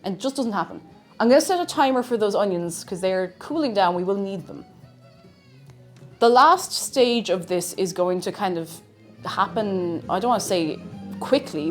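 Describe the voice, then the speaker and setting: Over soft background music, a woman streams herself cooking in her home kitchen, rambling casually and poking fun at herself as she talks to herself and her chat. Her medium-pitched voice is expressive, with a measured pace and long pauses.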